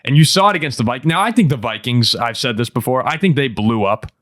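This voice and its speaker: Man, 20s, podcast co-host, animated, laughing storyteller, casual sports chat, dry close sound. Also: medium pitch, fast talker, dry recording.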